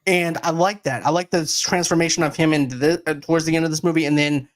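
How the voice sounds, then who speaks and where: Man, slightly high voice, relaxed movie chat, agreeable, retells scenes. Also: fast talker. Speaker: podcast co-host. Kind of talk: casual movie review chat.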